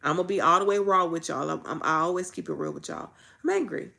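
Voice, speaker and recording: A woman's voice: on the low side, fast, gravelly, sharp tone. A woman, talking rawly and emphatically, repeating phrases like a preacher. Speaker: faith vlogger. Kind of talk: candid faith vlog.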